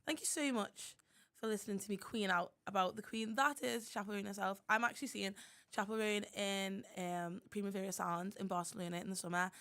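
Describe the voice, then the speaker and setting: A woman's voice: mid-range voice, fairly even intonation, brisk, a bit bright. A young woman hosting a community radio show, chatting casually in a playful, boastful way.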